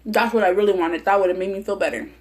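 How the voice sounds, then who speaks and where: Eating on camera, a young mukbang vlogger casually tells a heated personal story full of profanity and frequent restarts. She speaks quickly in a mid-range, slightly mellow voice with a steady tone.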